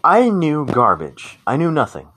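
A man's voice: a little high, huge pitch swings, unhurried. A young man hosting a casual solo podcast, talking frankly and with plenty of swearing, rambling through his story and acting out what people said. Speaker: podcast host. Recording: noticeable background noise.

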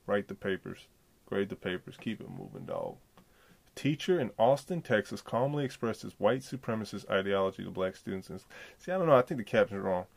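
Male solo podcast host, casual and profane, gravelly, loose slangy delivery. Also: on the low side, darkish tone.

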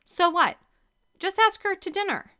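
A woman voicing Carrie, a bossy, no-nonsense woman who talks in a brisk, scolding way. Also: on the high side, expressive, sharp tone, voice pushed up.

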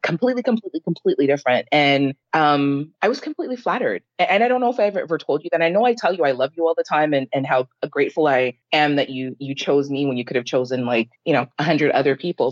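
A woman's voice: low voice, no room sound. Woman podcast co-host, chatty and emotional, dry lo-fi sound. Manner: emotional, rambling, lively storytelling. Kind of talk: casual podcast chat.

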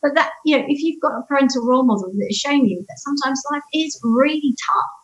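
A woman's voice: high voice, fast. A woman, a divorce coach guest in a casual interview, animatedly telling stories and acting out quotes. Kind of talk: conversational interview. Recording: slightly dull lo-fi sound.

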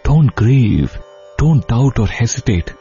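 A man's voice: medium pitch, very animated, slow, mellow, soft background music, voice pushed up. A man voicing an earnest young prince who pleads with his grieving father, his voice rising as he implores. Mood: earnest pleading. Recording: dull lo-fi audio with faint sitar.

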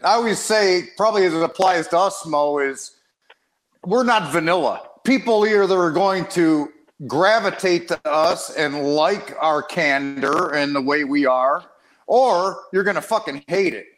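A man with a Chicago accent hosts a casual chat in a slightly raised voice. He talks in a direct, matter-of-fact way, without softening his tone. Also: a little high, a little slow. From South Side of Chicago, USA. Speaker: podcast host.

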